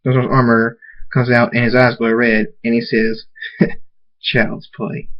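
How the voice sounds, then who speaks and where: Guy reading fanfic out loud, plain mid voice, trips on words, muffled audio. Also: mid-range voice, monotone, normal speed. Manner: plain, stumbles and restarts words. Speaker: reader. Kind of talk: reading fan fiction aloud. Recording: dull lo-fi recording.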